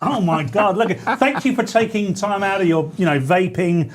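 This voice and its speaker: Playful male radio host, high voice. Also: normal speed. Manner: playful, mock-earnest, laughing often. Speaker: radio talk show host. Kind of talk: comic radio banter. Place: radio studio.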